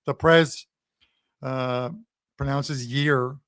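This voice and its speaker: A man's voice: medium pitch, unhurried, fairly bright tone, no room sound, clean studio sound. A man from Canada co-hosting a live sports show, telling joking stories in a casual way with lots of fillers. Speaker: betting show co-host.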